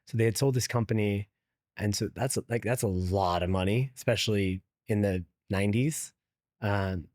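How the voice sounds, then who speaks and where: A man with a lowish voice is a guest on an interview show, a venture investor telling a story in a loose, chatty way. He leans heavily on "like" and laughs often. The audio is clean studio sound with no room sound.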